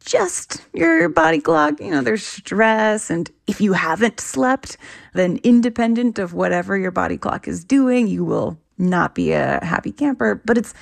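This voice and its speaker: Woman researcher with a bit of vocal fry, explaining stuff keenly in plain words. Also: medium pitch. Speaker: researcher guest. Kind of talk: explanatory interview answers.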